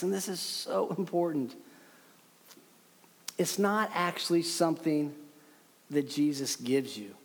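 Pastor, male, high voice, earnest emphatic sermon, long hall reverb, slow weighty pauses.

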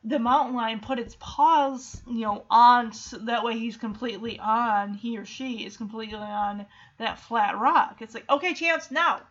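A woman's voice: on the high side, fairly even intonation, moderate pace, muffled recording. A woman giggling and gushing as she recaps a film, acting out the lines.

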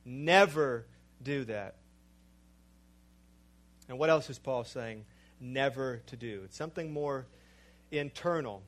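A male preacher delivering a sermon in a slow, emphatic way, with dramatic drops in volume. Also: medium pitch.

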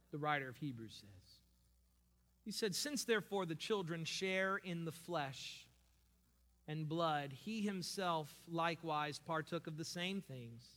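A man preaching a sermon as pastor, building to slow, emphatic peaks. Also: on the high side, a bit bright. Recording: long hall reverb.

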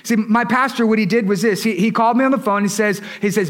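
High-voiced man preaching a sermon. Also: fast, hardly any pauses, a bit bright. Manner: conversational preaching with questions to the congregation. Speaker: lead pastor.

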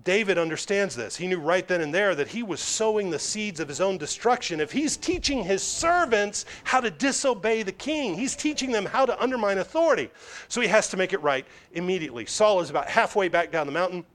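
High-voiced emphatic male preacher. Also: lively intonation, a little fast. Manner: emphatic, drops low and quiet on key points. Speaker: pastor. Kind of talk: verse-by-verse sermon.

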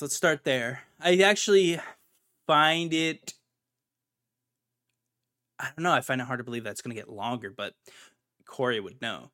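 Male podcast host, young adult, bright, emphatic, prone to ranting. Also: medium pitch, unhurried, long pauses. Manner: ranting, emphatic, repeats himself. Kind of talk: casual podcast chat.

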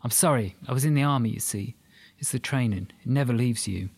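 A man's voice: medium pitch, brisk, breathy edge. A man voicing a prickly woman who is a former army ship's doctor, speaking bluntly and firmly. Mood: apologetic. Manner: blunt, firm.

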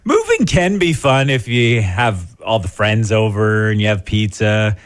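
A man's voice: fairly low pitch, very animated, a little slow. A middle-aged man, chatting easily and poking fun at himself on morning radio. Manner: easygoing, self-deprecating. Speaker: radio co-host. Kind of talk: casual morning radio banter.

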